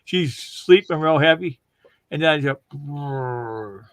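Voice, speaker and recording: A man's voice: on the high side, steady tone, moderate pace, dry recording. Chuckling man telling rambling stories. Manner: rambling, laughing while telling funny stories. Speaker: livestream host. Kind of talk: casual storytelling chat.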